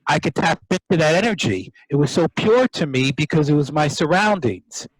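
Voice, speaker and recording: A middle-aged man from New York hosts a casual chat, reminiscing in a quick, rambling way. His voice sits a little high and sounds dry and close, with no room echo. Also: expressive, husky. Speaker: host.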